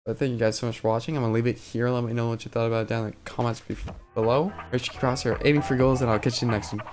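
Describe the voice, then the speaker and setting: A man doing let's play commentary, joking, talking to the game's characters and breaking into sudden loud yelps. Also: medium pitch, flat delivery, racing. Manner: joking, talks to the game characters. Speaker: gaming YouTuber.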